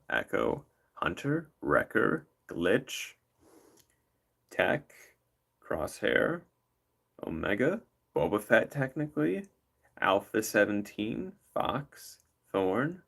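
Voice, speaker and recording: Low, gravelly man rambling on stream. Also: a bit bright. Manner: rambling, joking, playful. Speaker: livestream host. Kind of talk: casual rambling livestream chat.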